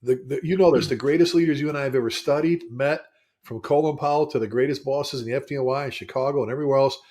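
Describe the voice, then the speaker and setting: A man co-hosting a fire service podcast in a mid-pitched voice. He tells his stories with emphasis and keeps returning to the same phrases to hammer a point home. He speaks in a casual, conversational way. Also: fast, darkish tone. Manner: emphatic storytelling with repeated phrases.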